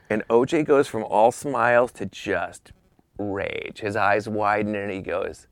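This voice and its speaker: A man tells a rambling, animated anecdote in a relaxed podcast chat. His voice has a gravelly edge. The sound is dry and close. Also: fairly low pitch, normal speed, no room sound. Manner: animated anecdote with profanity and whispered asides. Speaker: guest telling a story. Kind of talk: casual podcast storytelling.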